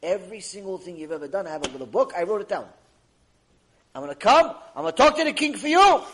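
Man doing a high excited friend, gushing, fast-talking, eager advocate. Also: background noise.

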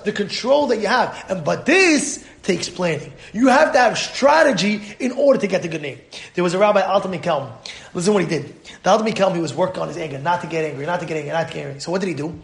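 A man's voice: high voice, fast, gravelly. A man, a rabbi, giving a Torah class, telling stories with acted-out voices. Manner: animated storyteller acting out voices. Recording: echoey room.

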